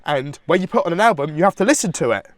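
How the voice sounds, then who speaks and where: Congested male podcast co-host, slightly high, eager rambling delivery, dry close mic. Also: animated, fast talker, dry recording. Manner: enthusiastic, rambling with restarts. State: congested from hay fever. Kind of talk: casual music chat.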